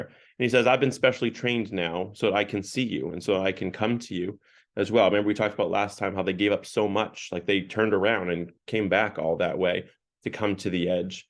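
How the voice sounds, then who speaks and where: A man leading a parish Lent book talk, retelling scenes in a conversational way with frequent restarts. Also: on the low side. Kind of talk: casual retelling and teaching talk.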